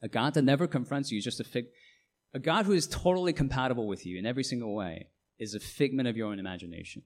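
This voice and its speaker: A man's voice: medium pitch, fast talker. A middle-aged man, a pastor, preaching a sermon with emphatic delivery and frequent rhetorical questions.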